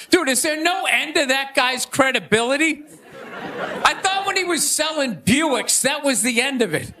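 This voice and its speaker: A middle-aged man with a Boston accent doing a stand-up comedy rant, animated and shouting, slipping into mocking impressions. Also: very high voice, unhurried. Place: comedy stage before a live audience. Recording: live stage with crowd laughter.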